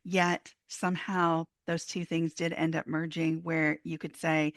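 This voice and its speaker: A woman host with a lowish voice leads an interview, asking thoughtful, probing questions. She reflects back what the guest says in a measured way. The sound is dry and close. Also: flat delivery, dry recording. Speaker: podcast host, psychologist. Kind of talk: interview conversation.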